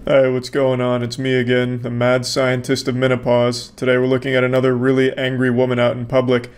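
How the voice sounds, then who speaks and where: Brief: male host, mid-pitched, sarcastic, swears freely, casual reaction talk. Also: monotone, a little fast, smooth. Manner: profane, sarcastic. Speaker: commentary channel host.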